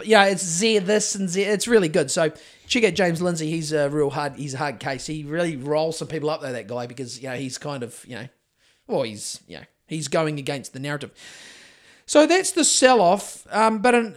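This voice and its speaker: A man's voice: on the high side, moderate pace. A man with a New Zealand accent, co-hosting a podcast in casual chat, rambling and swearing freely as he tells stories. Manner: profane, rambling storyteller. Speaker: podcast co-host.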